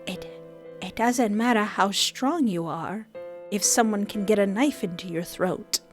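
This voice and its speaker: A troubled young fox man from a dark game speaks in short, blunt lines, read aloud by a woman. The voice sits at a middling pitch and stays fairly plain. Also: unhurried, faint music behind, natural voice. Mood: cold.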